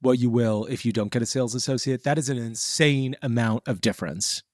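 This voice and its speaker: A man co-hosting a podcast talks in a loose, animated way, stumbling through fillers and restarts. His voice sits in a middle pitch and the recording is dry and close, with no room sound. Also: a little fast, no room sound. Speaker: podcast co-host. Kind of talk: casual podcast chat.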